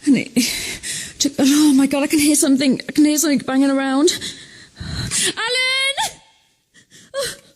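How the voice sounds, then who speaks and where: A woman's voice: high voice, flat delivery, fairly quick, few pauses, darkish tone. A frightened woman near tears, speaking in panicked breathless bursts and shaky whispers while alone underground. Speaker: radio show participant in haunted mine. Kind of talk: live on-location reporting.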